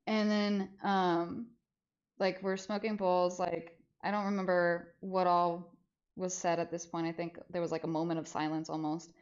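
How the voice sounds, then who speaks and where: A young woman streamer casually telling a story, animated and swearing freely, acting out the voices of people she quotes. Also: on the low side, moderate pace. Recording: slightly dull lo-fi audio.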